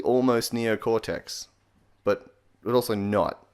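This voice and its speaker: A man with an Australian accent giving a joking voice tutorial in a deadpan, sarcastic way, swearing casually. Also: lowish voice, normal speed. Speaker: comedy YouTuber.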